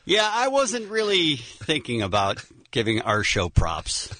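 A man's voice: a little high, huge pitch swings, measured pace, sharp tone. A man co-hosting a morning radio show, talking easily and joking at his own expense. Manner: self-deprecating, easygoing. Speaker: radio co-host. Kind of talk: casual radio banter.

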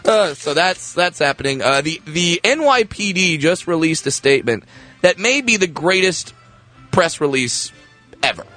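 Brief: young man, radio co-host, bright forceful tone, light music under, jokey banter. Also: a little high, very animated. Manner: joking, quick, laughs often. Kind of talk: casual entertainment news chat.

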